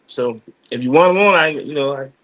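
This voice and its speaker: A man in casual chat on a video call from his office, talking in loose slang with lots of halting restarts. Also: fairly high pitch, fairly bright tone. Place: office at work.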